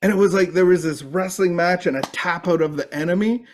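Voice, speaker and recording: A middle-aged man giving a personal recovery testimony, halting and full of restarts and fillers. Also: high-pitched, slight background noise. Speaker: recovery speaker.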